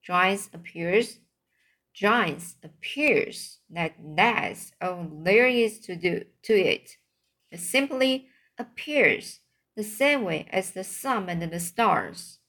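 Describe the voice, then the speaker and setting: A huge, gentle old giant who mangles his grammar, read aloud by a woman. He speaks slowly and a little haltingly, like a storybook being read at bedtime. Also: mid-range voice, animated, heavily acted. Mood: earnest. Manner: halting read-aloud, stumbles over words. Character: huge old kindly male giant, muddled speech.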